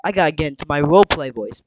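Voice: medium pitch, rough recording. A gaming video host talking casually and rambling with lots of fillers while introducing a roleplay game. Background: background music.

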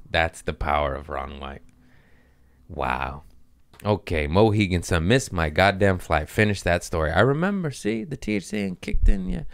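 A young man hosting a podcast, telling stories in a casual, profane, animated way and laughing at his own jokes. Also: low-pitched, smooth, dry recording, clean studio sound. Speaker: podcast host. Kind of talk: casual storytelling monologue.

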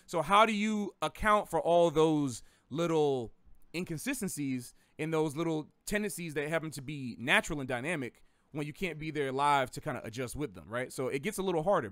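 A man's voice: fairly high pitch, a bit bright, dry recording. A man from the American South with a faint Southern accent, teaching jazz in a rambling, self-correcting, chatty way. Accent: slight Southern American. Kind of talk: casual livestream lesson.

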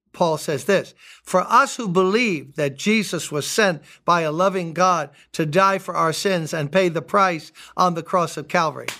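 An older man preaching a sermon as pastor, emphatic, repeating key words and rising high on his appeals. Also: sharp tone.

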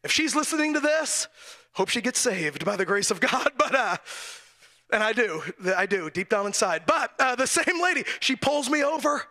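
A male preacher with a high, bright voice tells a story from the pulpit. He chuckles often and backs up to restart his phrases as the tale builds. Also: normal speed. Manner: animated storytelling, frequent chuckles and self-corrections. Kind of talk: storytelling sermon. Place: church.

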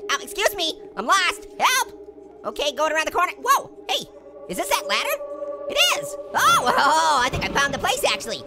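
A sky-high, squeaky cartoon orange chatters through a video game, giggling at his own puns. His bouncy voice leaps up and down without rest, over loud game music. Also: moderate pace, full character voice. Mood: goofy. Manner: punning, giggling, chattering excitedly. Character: wisecracking male talking orange, giggly prankster. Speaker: gaming channel host. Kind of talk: cartoon-character game commentary.

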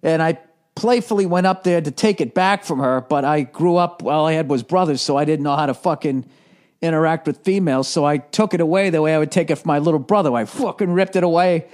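A man's voice: fairly high pitch, brisk, a little mellow. A man in his forties from the United States, a comedian hosting his podcast, telling a rambling, profane, self-deprecating story in casual talk. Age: 40s.

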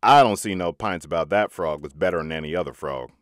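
A man reading a sly stranger who speaks slowly and deliberately. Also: sits low, dry recording, studio quality, voice pushed down, lightly acted. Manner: slow and deliberate.

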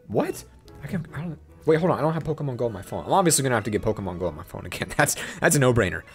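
A young man hosting a gaming channel, giving excited, playful let's-play commentary and talking to the game. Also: medium pitch, fast, husky, soft background music. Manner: hyped, playful, talks to the game.

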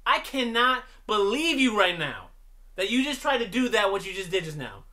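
A man doing let's play commentary, loud and profane, yelling at the game as he plays. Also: high voice, sing-song, normal speed. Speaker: gaming streamer.

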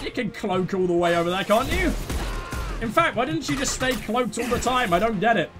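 A man commentating his own gameplay, excitable, swearing freely and giving orders to his teammates. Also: extremely high pitch, brisk, over music. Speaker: let's play host.

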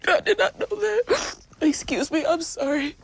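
A woman's voice: extremely high pitch, a little slow, vocal fry, no echo. A woman in a documentary interview, crying and apologizing as she speaks. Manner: tearful, apologetic.

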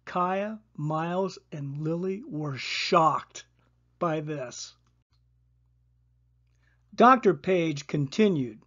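A storyteller reading a children's story aloud in a gentle, expressive way. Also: female voice, sits low, drawn-out words, pauses often, lo-fi sound.

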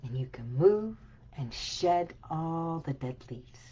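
Slow, husky woman coach, soothing. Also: deep voice, lively intonation, muffled recording. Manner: slow, soothing, with soft whispered affirmations. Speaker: wellness coach. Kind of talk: motivational talk to camera.

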